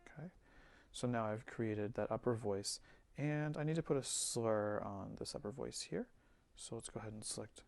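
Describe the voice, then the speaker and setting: A man giving a relaxed screen-recorded music software tutorial, thinking aloud with fillers as he works. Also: mid-range voice, creaky. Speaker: music teacher.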